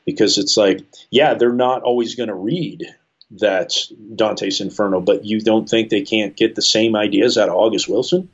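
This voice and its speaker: A man, a teacher, telling a classroom story in a relaxed interview, full of "you know" fillers. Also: on the low side, normal speed, breathy edge, lo-fi sound. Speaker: high school English teacher. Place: works at a school in Colorado.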